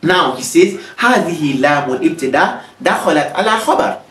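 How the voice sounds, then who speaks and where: A man teaching Arabic grammar in an online lesson, speaking slowly and deliberately and repeating each example. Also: a little high, animated, fairly bright tone. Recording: roomy, mic at a distance.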